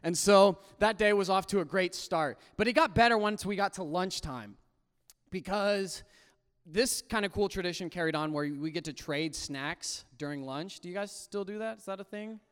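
High-voiced man telling a comic story in a hall. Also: normal speed, smooth. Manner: animated, acts out his younger self in high squeaky voices. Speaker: storyteller speaking to a youth audience. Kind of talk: comic personal storytelling to a live audience. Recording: long hall reverb.

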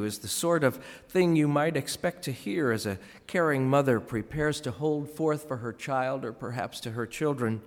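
A man giving a scripted tribute commentary, telling stories in a wry, measured way. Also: medium pitch, long reverb tail.

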